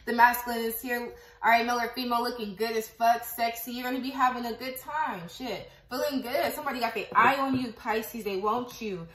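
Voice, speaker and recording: A woman's voice: on the high side, steady tone, a little fast, a bit bright, roomy sound, low-quality recording. A woman giving a casual tarot reading to camera, chatty and profane, affirming her viewers and counting numbers aloud as she goes. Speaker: tarot reader.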